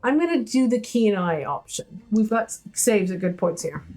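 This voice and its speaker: A woman's voice: medium pitch, animated, normal speed, dark tone, faint music behind. A woman casually playing a story game on stream, reading choices aloud and voicing characters. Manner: chatty, reads choices aloud and voices characters. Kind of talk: casual let's-play chat.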